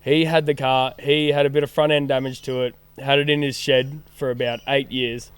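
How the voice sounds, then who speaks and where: A man's voice: mid-range voice, normal speed, smooth, dry recording. A young Australian man on a podcast, telling a story with lots of swearing and acted-out dialogue. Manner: animated storyteller, swears freely, acts out dialogue. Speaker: podcast guest. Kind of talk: casual chat, storytelling.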